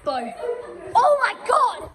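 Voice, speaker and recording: Young girl vlogger, very high squeaky voice, giggly and shrieky, crowded noisy house. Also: big pitch swings, slow pace. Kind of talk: excited playful chatter. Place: busy house indoors.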